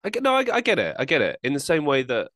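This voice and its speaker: A man's voice: fairly high pitch, wildly swooping pitch, quick pace, a bit bright, no room sound. A man hosting a casual podcast interview, rambling and self-deprecating, often repeating his words. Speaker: podcast host.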